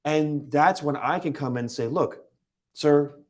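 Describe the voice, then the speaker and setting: A man's voice: on the high side, normal speed. Emphatic man coaching sales calls. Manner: emphatic, acts out phone calls. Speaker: Medicare sales trainer. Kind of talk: panel discussion.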